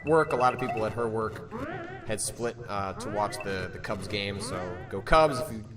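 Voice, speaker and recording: A man's voice: on the low side, moderate pace. Guy streaming a game, kinda nervous and rambly, music in the background. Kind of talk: casual live-stream chat.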